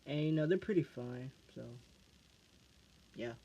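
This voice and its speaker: A man's voice: on the high side, lively intonation, dark tone. An American man answering fan questions in a casual vlog, stumbling and restarting his phrases again and again. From United States. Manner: halting, restarts phrases over and over. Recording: dull lo-fi recording.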